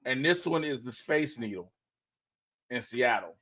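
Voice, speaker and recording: A man hosting a casual livestream talk show, an animated storyteller who acts out quoted dialogue. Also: medium pitch, measured pace. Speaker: host.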